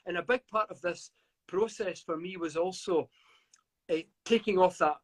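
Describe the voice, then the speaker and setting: A middle-aged British author, appearing as a guest in a live video call interview, reflects at length while frequently stammering and restarting. He speaks at a moderate pace in a high-pitched voice.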